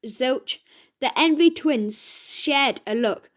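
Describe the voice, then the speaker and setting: A woman reading a children's audiobook aloud, slowly and with the odd stumble and self-correction. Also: high voice, animated. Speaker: reader.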